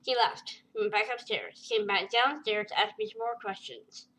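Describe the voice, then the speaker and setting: A woman vlogger telling a personal story to camera, halting and emotional, with many fillers and restarts. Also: medium pitch, bright, forceful tone, low-quality recording. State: tearful at times.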